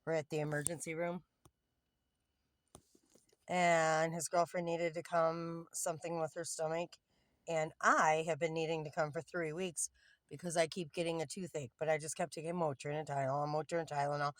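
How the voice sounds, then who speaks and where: A woman's voice: sits low, level tone, normal speed, dry recording. Woman, fifties, candid rambling vlog, parked car, phone mic, dry sound. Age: 50s. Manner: rambling, candid, gets heated. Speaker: vlogger. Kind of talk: casual selfie vlog. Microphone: phone camera.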